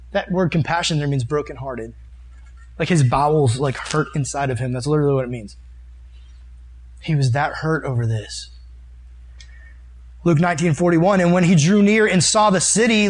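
Youth pastor type, man with a slightly high voice, casual earnest preaching, reads scripture and riffs on it. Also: husky. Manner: reads and comments on scripture verses. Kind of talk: sermon. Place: meeting room with a live audience.

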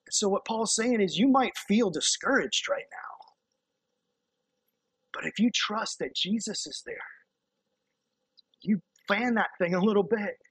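A man preaching a sermon, animated, acting out quotes and dropping to a hushed, intense voice. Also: high voice, husky, dry recording, rough recording.

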